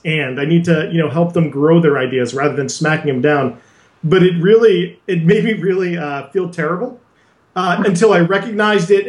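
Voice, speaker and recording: High-voiced man in a roomy echo. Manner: reflective, hesitant with fillers. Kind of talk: casual podcast conversation.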